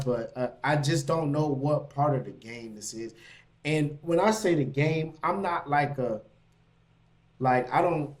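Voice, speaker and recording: A man hosting a casual reaction stream with a slightly high voice. He riffs in loose slang, laughing as he reacts to what he reads. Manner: animated, laughing, slangy asides. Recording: mic.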